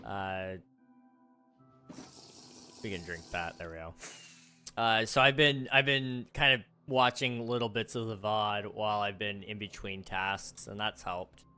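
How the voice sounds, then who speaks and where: A man's voice: lowish voice, steady tone, measured pace, long pauses, sharp tone, clean tone, soft background music. A man chatting casually with his viewers on a livestream, rambling and poking fun at himself. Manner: rambling, chatty, self-deprecating.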